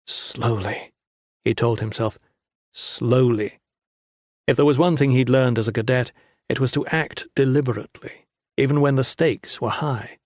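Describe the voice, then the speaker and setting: A man's voice: medium pitch, fairly quick, a little mellow, no echo, studio quality, close to an everyday voice. A man voicing a reckless young male soldier cadet who barks orders and swears in an audiobook. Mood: muttering. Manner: urgent, gruff, swearing. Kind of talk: audiobook character voice.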